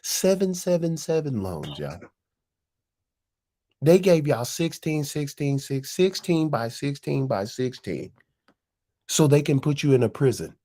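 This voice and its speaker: Male host, casual chat, lively up-and-down delivery, cursing freely, lots of laughing. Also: a little high, a little slow. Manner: animated, profane, bursting into laughter. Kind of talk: casual chat with a rapped verse.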